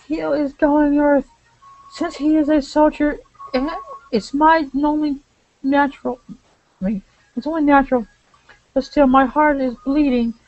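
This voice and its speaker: A man voicing a worried young noblewoman reading her own diary in a high, sing-song voice, in a lo-fi recording. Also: dry recording.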